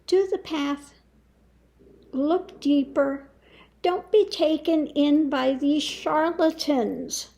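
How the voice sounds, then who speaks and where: A woman speaking as a spiritual teacher in a casual monologue, deliberate and scornful, with long pauses. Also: sits high, gravelly, warm tone. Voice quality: slow, deliberate with long pauses and frequent laughs. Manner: scornful, emphatic, mocking.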